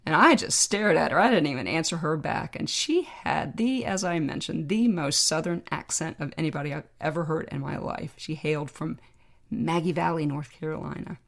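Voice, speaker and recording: A woman, a podcast guest, telling a personal story in a reflective, heartfelt, measured way. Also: low voice, lively intonation, gravelly.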